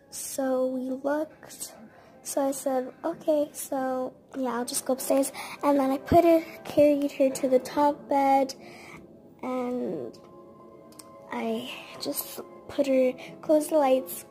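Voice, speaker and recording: A woman's voice: high voice, mellow, low-quality recording. A woman chattily retelling a babysitting story, acting out the quoted dialogue as she goes. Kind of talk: casual spoken storytime.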